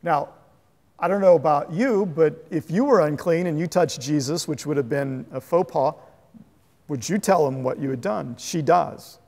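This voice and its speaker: A man preaching a sermon as a pastor, animated and conversational, chuckling at his own asides. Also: fairly high pitch, moderate pace, big-room sound. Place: church sanctuary.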